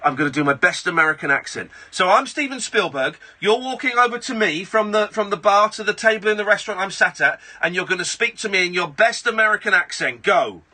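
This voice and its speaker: A man's voice: high voice, fairly quick, few pauses, pushed and bright. A man hosting a late-night radio phone-in, blunt and rambling with many restarts. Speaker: radio host. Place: radio studio. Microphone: studio microphone.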